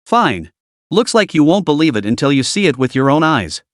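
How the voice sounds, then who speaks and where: A man's voice: fairly high pitch, big pitch swings, moderate pace, no room sound, studio quality. A man putting on a sadistic mocking female interrogator. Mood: cold mocking. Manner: taunting, coldly sadistic.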